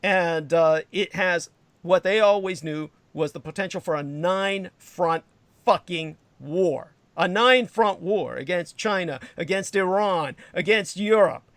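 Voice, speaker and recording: A man's voice: high voice, a little slow, a bit bright, dry recording. A man hosting a livestream, talking in a long digressive political monologue with emphatic, profane asides. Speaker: livestream host.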